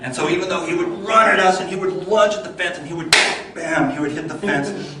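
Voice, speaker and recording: A man giving a storytelling speech at a speaking club, swinging from lively and loud to low and hushed. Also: fairly quick, very noisy. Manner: animated, builds up energy then drops low. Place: meeting hall. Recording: echoey hall, mic far off.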